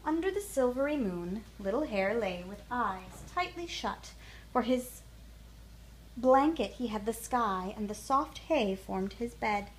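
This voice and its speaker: A woman reads a children's picture book aloud in a gentle, soothing bedtime manner. Her voice sits fairly high, with a faint bit of noise behind it. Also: expressive, unhurried, low-quality recording. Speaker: storyteller.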